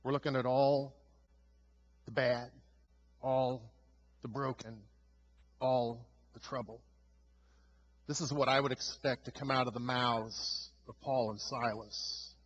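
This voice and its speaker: A male pastor preaching a sermon with emphatic delivery, swinging from loud stresses to hushed lines. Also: medium pitch, steady tone, takes it slowly, long pauses, lo-fi sound.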